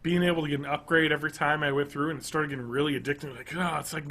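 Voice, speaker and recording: A man in his thirties co-hosting a podcast, chatting casually and enthusiastically, rambling and swinging between loud bursts and quiet mumbles. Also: fairly high pitch, fairly even intonation, rapid-fire. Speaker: podcast co-host. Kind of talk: casual chat.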